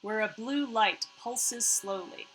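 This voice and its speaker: A woman with a bright, lively voice reads game narration aloud and breaks into casual, playful asides as she goes. Her speaking voice sits a little high, and faint background music runs under the stream. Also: takes it slowly, poor audio. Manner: playful, chatty, reacts with excitement. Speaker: streamer reading a visual novel game. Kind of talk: reading a story game aloud with casual commentary.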